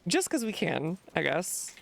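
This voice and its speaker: A woman's voice: on the low side, big pitch swings, unhurried, vocal fry, slight background noise. A woman streaming a game, talking wryly and thinking aloud as she reads the text on screen. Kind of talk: let's play commentary.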